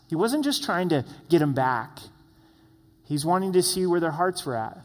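A man's voice: a little high, expressive, normal speed, long reverb tail. A man preaching a sermon, earnest and direct, acting out the lines of the people in his story. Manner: earnest, acts out quoted voices. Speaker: pastor.

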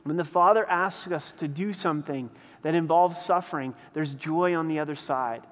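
A man preaching a sermon as a pastor, earnest, slowing and lifting his voice when he voices quoted prayers. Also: a little high, fairly bright tone, long reverb tail.

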